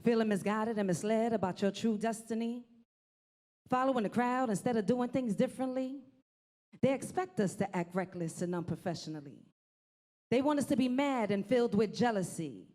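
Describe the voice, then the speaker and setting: A woman's voice: fairly high pitch, dark tone. A woman performing spoken word poetry in a rhythmic, rhyming delivery.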